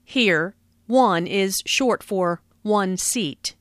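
A woman narrating a scripted language lesson, speaking slowly with careful enunciation. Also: mid-range voice, no echo, studio quality.

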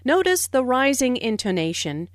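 A woman narrating a scripted language lesson, explaining pronunciation with careful, clear enunciation. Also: high-pitched, sing-song, moderate pace, dry recording, clean studio sound. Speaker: language teacher.

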